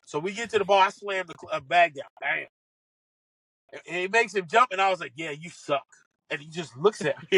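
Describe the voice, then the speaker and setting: A former caddy appears as a podcast guest, his high, bright voice racing along as he excitedly tells stories and acts out what other people said. The recording is low quality, though there's no room sound.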